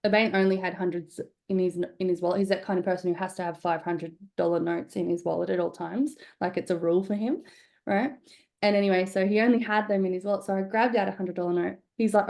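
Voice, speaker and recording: Female business coach, gravelly texture, candid and conversational, leading a live workshop. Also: medium pitch, steady tone, fast talker, a little mellow. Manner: conversational, frequent "right?" check-ins, casual swearing.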